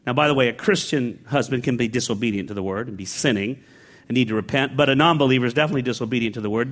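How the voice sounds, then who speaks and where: A middle-aged man preaching a sermon as a pastor, telling stories in a lively, conversational way that builds to excited peaks. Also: mid-range voice, rapid-fire. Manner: storytelling, rising to excited peaks. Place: large church sanctuary.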